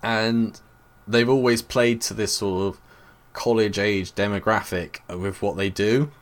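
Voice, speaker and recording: A man's voice: lowish voice, steady tone, measured pace. A British man co-hosting a podcast, chatting casually and giving opinions with frequent filler words. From Britain. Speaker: podcast co-host. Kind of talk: casual chat. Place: Bristol.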